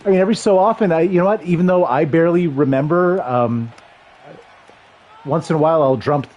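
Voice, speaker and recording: A man in his thirties streaming a football video game, calling the plays and chatting with viewers in a rambling, excitable way. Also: fairly high pitch, a little fast, dull audio. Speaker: livestream gamer and commentator. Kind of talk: casual play-by-play chat with chat.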